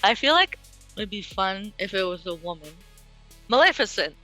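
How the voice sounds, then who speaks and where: A woman's voice: mid-range voice, big pitch swings, normal speed, bright, forceful tone, soft background music. A woman co-hosting a casual podcast, giggling often and joking at her own expense. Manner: giggly, self-deprecating. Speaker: podcast co-host. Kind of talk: casual chat.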